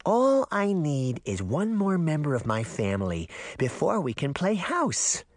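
A man's voice: fairly high pitch, wildly swooping pitch, measured pace, dry recording, clean studio sound, voice pushed up, heavily acted. A man voicing a creepy little girl villain with a sing-song, childish menace in an audiobook reading.

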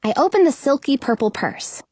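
A woman narrating a children's story in the first person, expressive and storytelling. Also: high-pitched, normal speed, no echo. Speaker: audiobook narrator.

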